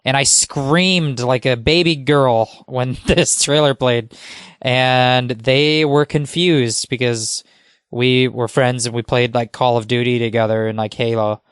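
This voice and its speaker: Enthusiastic man with a crisp, dry voice. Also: medium pitch, fairly even intonation, a little slow, dry recording. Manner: enthusiastic, rambling, many fillers. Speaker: podcast guest. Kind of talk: casual podcast chat.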